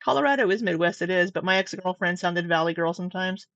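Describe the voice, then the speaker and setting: A woman's voice: fairly low pitch, fast talker, a bit bright, no room sound. Sarcastic, foul-mouthed middle-aged woman. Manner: sarcastic and profane, teasing. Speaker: commentator reacting to clips. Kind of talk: casual reaction commentary. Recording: dull, dry, slightly lo-fi sound.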